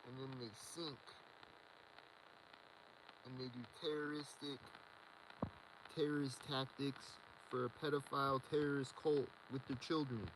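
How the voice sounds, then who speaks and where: A man's voice: medium pitch, fairly even intonation, unhurried, pauses often, noisy background. A man rambling in a solo video monologue, agitated and repetitive as he rants. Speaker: vlogger.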